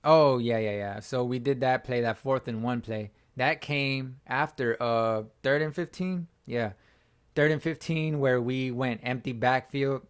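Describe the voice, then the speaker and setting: Hoarse man doing casual sports reaction talk. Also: mid-range voice, unhurried. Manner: slangy, talks like chatting with a buddy. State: hoarse from screaming. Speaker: fan channel host.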